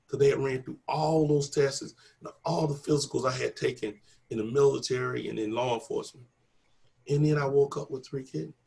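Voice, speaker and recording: With a medium-pitched voice, a little mellow and marked by vocal fry, an interviewed man shares a personal story in a conversational way. He acts out the dialogue with earnest conviction, returning often to "I said" and "he said" in faith-filled testimony.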